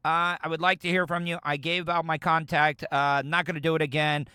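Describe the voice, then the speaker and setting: A man's voice: on the high side, level tone, brisk, sharp tone, smooth, no room sound, clean studio sound. A man from the United States hosting a podcast, rambling casually as he reacts to audio clips. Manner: rambling, chatty, frequent restarts. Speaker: podcast host.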